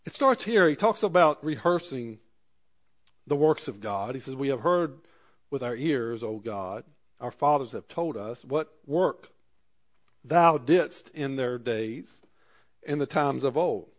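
A man's voice: medium pitch, animated, slow. A man preaching a sermon, reading scripture aloud and explaining it in everyday words. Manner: reads scripture aloud and paraphrases it in plain speech.

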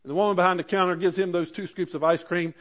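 A man's voice: high-pitched, little pitch movement, quick pace, fairly bright tone. A man preaching a sermon in a conversational way, building to emphatic peaks. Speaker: pastor.

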